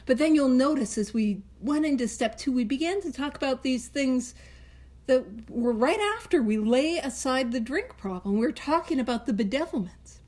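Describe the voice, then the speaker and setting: A woman's voice: high-pitched, lively intonation, moderate pace, a little mellow. A woman hosting a recovery book study, teaching in a chatty, casual way, laughing often and wandering into tangents.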